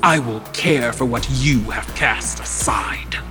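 A woman voicing a menacing female horse-faced shapeshifter spirit, with a coarse, growling voice and a slow delivery that sinks into a breathy whisper. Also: rumbling low, over music, pitched below the performer's own voice. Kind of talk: audio horror story narration.

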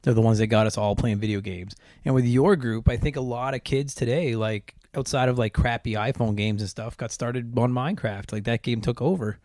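A man's voice: medium pitch, fairly quick, few pauses, a little mellow, no room sound, studio quality. A man hosting a podcast, chatting casually and rambling with lots of filler words. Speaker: podcast host. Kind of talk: casual chat.

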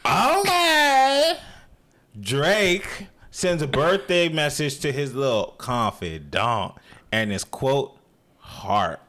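Young male podcast co-host, bright tone, animated and rambling. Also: mid-range voice, takes it slowly. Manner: animated, laughing, rambling with restarts. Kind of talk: casual chat.

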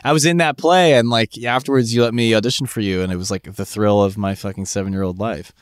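A man's voice: on the low side, steady tone, fast, smooth, no room sound, clean studio sound. A man in his thirties co-hosting a podcast, chatting casually with wry, crude jokes. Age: 30s. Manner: joking, swearing, wry. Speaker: podcast co-host. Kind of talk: casual chat.

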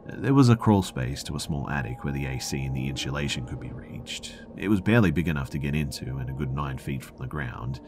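A man reading a scary first-person story aloud in a hushed, measured way, sometimes dropping to a whisper. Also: rumbling low, lively intonation, over music. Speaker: story narrator.

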